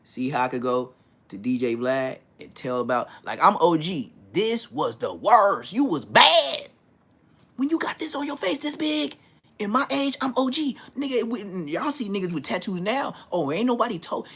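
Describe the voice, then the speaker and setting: A man in his forties telling street stories in a casual, animated way, full of profane slang. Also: high-pitched, normal speed, husky. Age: 40s. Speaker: vlogger. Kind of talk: casual storytelling.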